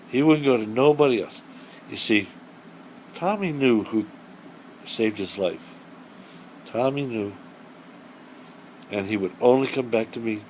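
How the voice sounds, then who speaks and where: Animated folksy male storyteller. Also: medium pitch, slight background noise. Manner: animated, folksy, acts out the voices of the people in his story. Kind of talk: true story told aloud to children.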